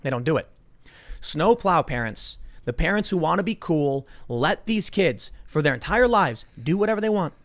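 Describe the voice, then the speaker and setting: A man hosting a political talk show, animated and chatty, acting out quotes in mocking voices. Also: a little high, normal speed. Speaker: podcast host.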